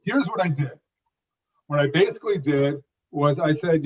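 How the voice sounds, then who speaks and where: A man's voice: on the high side, lively intonation, normal speed, a little mellow, slightly rough. A man around sixty, a guest in an interview, speaking in emphatic phrases with occasional repeated words. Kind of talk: conversational interview. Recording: dull lo-fi audio.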